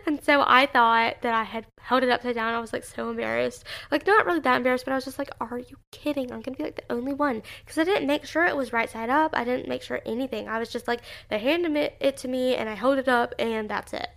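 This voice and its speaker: A young woman in her twenties tells a story in a loose, chatty way, full of "like" and "you know," with bursts of giggles. Her voice sits a little high and has a gravelly fry at the ends of phrases. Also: quick pace, few pauses, a bit bright. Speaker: recent college graduate. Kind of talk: casual storytelling vlog.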